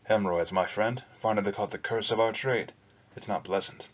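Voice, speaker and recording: A jovial, flirtatious male money-changer with a cheeky, indelicate tongue, as a male narrator plays him. His voice sits deep. The recording is dull and lo-fi. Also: normal speed, lightly acted. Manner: breezy, indelicate banter.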